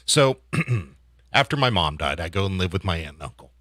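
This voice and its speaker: A man's voice: deep voice, normal speed, no echo. A man hosting a radio show, chatting casually and telling stories with easy laughs. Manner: relaxed storyteller, easy laughs.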